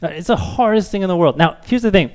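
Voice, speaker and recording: Fast and animated, a thirtysomething male pastor preaches in a high-pitched voice. He's open and self-mocking, and he performs quotes with a playful touch.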